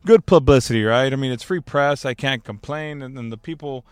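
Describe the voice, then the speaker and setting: A man in his thirties from Texas talks through a loose podcast monologue from behind the wheel of his car. His voice is smooth and resonant, with a middle pitch. He rambles and restarts, tossing in self-deprecating jokes along the way. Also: a little fast, no room sound, studio quality. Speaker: podcast host. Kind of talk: casual solo monologue. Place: in a driving car. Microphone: portable recorder with mic.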